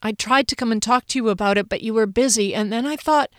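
A woman's voice: on the high side, fast talker, a bit bright, no room sound, pitched above the performer's own voice, close to an everyday voice. A prickly, impulsive young warrior woman talks back with guarded sarcasm, as a woman reads her in an audiobook. The voice stays close and dry. Her tone is biting and defensive. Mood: confessional. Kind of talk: audiobook character reading.

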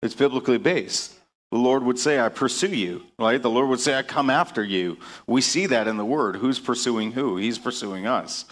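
A man's voice: medium pitch, moderate pace, a bit bright. A man leading a church small-group discussion, affirming and informal, with a few restarts.

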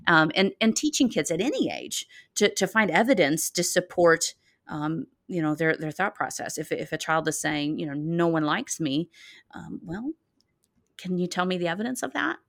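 A middle-aged woman speaks in an earnest, measured way, her voice set a little low. The sound is close and dry, with no room around it. She explains her advice carefully, pausing on fillers and restarting her phrases. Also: animated, vocal fry, fairly bright tone, dry recording. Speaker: child therapist guest. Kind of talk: podcast interview, advice.

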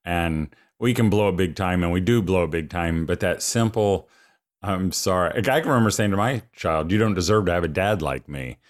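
A man's voice: deep voice, fairly quick. A man hosting an interview, affirming his guest and sharing personal stories. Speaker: show host. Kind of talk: interview conversation.

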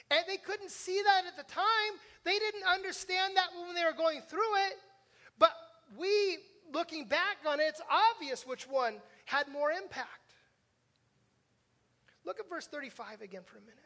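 Male pastor, high bright voice, chatty sermon with lots of rhetorical "right?", long hall reverb. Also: lively intonation, unhurried. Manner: conversational, asks the congregation questions with frequent "right?"; self-deprecating humor.

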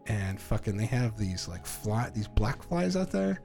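A young man co-hosting a podcast in casual chat, animated and swearing freely as he tells stories. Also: lowish voice, a little slow, creaky, faint music behind. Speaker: podcast co-host.

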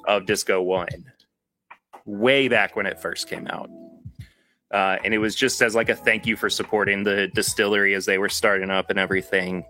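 A man's voice: on the low side, bright, forceful tone. A man hosting a podcast, chatting casually with live viewers. He says he is tired, and he rambles and corrects himself often. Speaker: podcast host.

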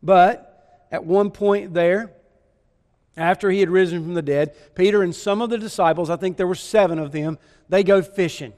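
A preacher with a high voice tells the story vividly and keeps asking his listeners questions. His voice rings out in a large church hall with a long reverb. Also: normal speed, a little mellow. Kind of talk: sermon.

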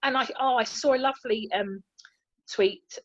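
A woman who is a head of nursing, talking in an emotional, halting way. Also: on the high side, dry recording, dull audio.

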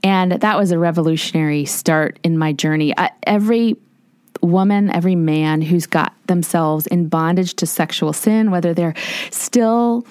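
A woman's voice: fairly low pitch, normal speed, a little mellow, clear, resonant tone, no echo, studio quality. Earnest woman telling her story. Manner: earnest, storytelling, acts out quoted voices. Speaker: guest. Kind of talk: personal testimony in a podcast interview.

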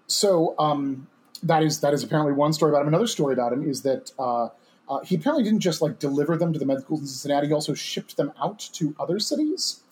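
A man's voice: on the high side, animated, quick pace, darkish tone. A young man hosting a podcast, telling a story in a rambling way with many fillers and chuckling asides. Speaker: podcast co-host. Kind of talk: casual storytelling chat.

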